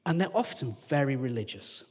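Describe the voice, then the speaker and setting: A man from England preaching a lively sermon as church leader, telling the story with animated character voices and sudden hushed moments. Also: medium pitch, a little fast, husky. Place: church hall. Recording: reverberant church hall.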